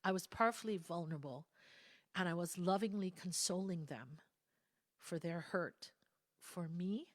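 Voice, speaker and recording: A woman speaking at a spiritual gathering, telling a candid personal story in a reflective, conversational way with soft asides. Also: on the low side, moderate pace, no echo. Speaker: guest speaker.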